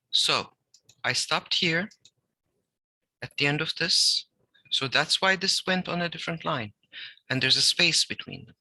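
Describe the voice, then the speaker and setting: Bright-voiced man explaining typography. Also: fairly high pitch, lively intonation, creaky, no echo, poor audio. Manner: explanatory, reads text aloud with deliberate pauses and emphasis. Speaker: typography teacher. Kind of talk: recorded design lecture.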